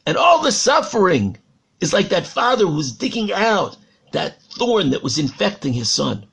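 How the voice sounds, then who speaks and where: A man's voice: sits high, big pitch swings, normal speed, vocal fry, a bit bright, slightly rough. A man, a rabbi, giving a Torah sermon, telling a parable dramatically and repeating words for emphasis.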